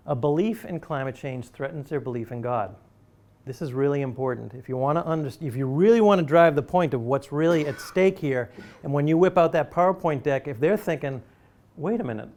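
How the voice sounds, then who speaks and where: Male lecturer, conversational and emphatic, slightly raised pitch, persuading a live audience. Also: a little mellow. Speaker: university lecturer.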